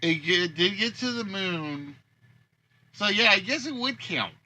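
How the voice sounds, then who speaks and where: A man chatting casually on a livestream, his voice very bright and sharp, sitting a bit high. He rambles and thinks aloud, trailing off and starting over as he goes. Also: animated, measured pace. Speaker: game show host and creator.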